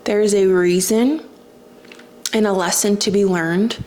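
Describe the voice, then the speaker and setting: A woman's voice: medium pitch, unhurried, darkish tone, slight background noise. A young woman talking casually to her viewers, chatty and emotional, with lots of "like" as she tells a personal story. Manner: chatty, emotional, says "like" often. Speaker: spiritual vlogger.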